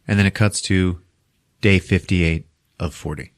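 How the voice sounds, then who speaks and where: Male podcast host, casual storyteller, low voice, dry studio sound. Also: measured pace, clean tone, no room sound. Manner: animated storyteller, swears freely. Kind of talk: casual movie recap.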